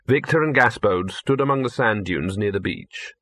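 A man narrating an audiobook in a measured, dry storytelling manner. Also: on the low side, expressive, a bit bright, no echo. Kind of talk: audiobook narration from tape sides.

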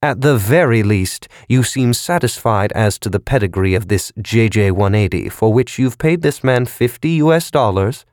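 A man's voice: fairly low pitch, lively intonation, normal speed, hardly any pauses, darkish tone, no room sound, lightly acted. A man narrating a story, voicing a severe, educated man who speaks in a precise, dry and cutting way. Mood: probing.

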